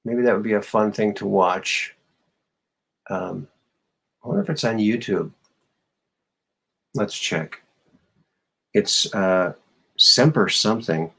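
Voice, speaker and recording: A man's voice: lowish voice, vocal fry, fairly bright tone, slightly rough. Startled man hosting a rambling live chat. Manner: startled, rambling, quick to exclaim. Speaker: host. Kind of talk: casual live-stream chat.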